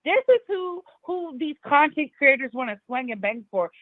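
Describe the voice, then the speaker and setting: High-voiced woman on a tinny phone line. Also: lively intonation, normal speed, dry recording. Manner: emphatic, exclaiming reactions. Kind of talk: casual gossip chat.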